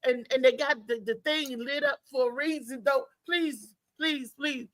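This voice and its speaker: A woman comedian telling comic stories in casual chat, animated and laughing, acting out the people in her stories. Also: sits high, moderate pace, no room sound. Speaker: stand-up comedian guest.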